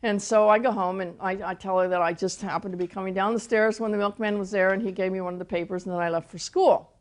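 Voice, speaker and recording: An older woman teaching through personal testimony, soft-spoken and storytelling, often repeating words as she gathers her thoughts. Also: medium pitch, steady tone, quick pace. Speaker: Christian teacher and author.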